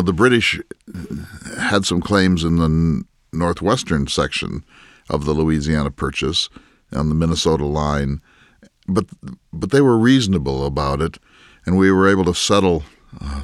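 A man playing an elderly early American ex-president, speaking in character in a measured, inquisitive way with frequent restarts, recorded in a barn. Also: a bass voice, dry recording, clean studio sound. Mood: explaining. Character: early American ex-president, elderly male statesman, curious and scholarly. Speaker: historical interpreter. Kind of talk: in-character public dialogue.

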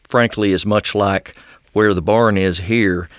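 A man with a West Texan accent, answering questions politely and deliberately, saying "yes, sir", in a barn. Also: fairly low pitch, steady tone, no echo, clean studio sound. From Amarillo, Texas. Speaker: audience questioner. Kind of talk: conversational Q&A.

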